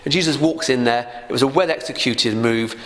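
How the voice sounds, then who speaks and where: A man talks through a Bible passage in a relaxed, conversational teaching voice. He chuckles often and asks his listeners rhetorical questions as he goes. His pitch sits in an ordinary middle range. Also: brisk.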